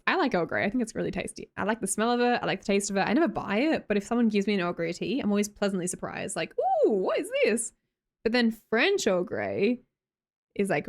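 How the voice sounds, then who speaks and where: An Australian woman live streamer chatting casually with viewers, scattered and self-mocking, laughing often. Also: medium pitch. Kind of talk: casual chat reading viewer messages.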